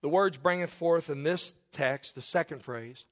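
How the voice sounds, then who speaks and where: A high-pitched male preacher delivering a sermon. He reads scripture slowly in a lowered voice, then rises loud and high for emphasis. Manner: swings from low measured scripture reading to loud rising emphasis. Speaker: pastor.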